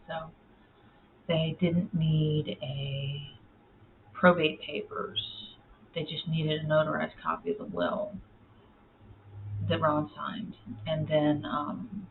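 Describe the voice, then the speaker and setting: In a home vlog, a woman chats casually, rambling with plenty of fillers and using baby talk with her cats. Her voice is low and slow, broken by long pauses. The audio sounds tinny, like a phone, with faint noise.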